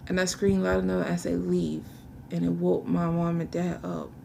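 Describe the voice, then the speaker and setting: Young woman, low fry-heavy voice, emotional and halting, close to tears. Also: monotone, mellow, slight background noise. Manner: halting, searching for words, restarts. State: fighting back tears. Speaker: vlogger telling her life story. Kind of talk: emotional personal testimony.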